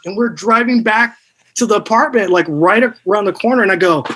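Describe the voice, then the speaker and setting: A man in his thirties tells a crude tale in a loose podcast chat, peppering it with "dude". His voice sits high and rings bright and forceful. He stays animated throughout. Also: a little fast, poor audio.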